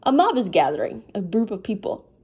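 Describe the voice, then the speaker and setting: A sleepy, yawning woman with a medium-pitched, sing-song, slightly mellow and husky voice reads a novel aloud a little fast. Her reading is informal, and she breaks off now and then to apologize and comment.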